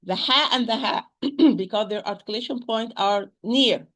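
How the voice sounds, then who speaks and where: Woman, Quran recitation teacher, bright, fairly high voice, slow demonstrations of sounds. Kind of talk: spoken lesson with recited examples.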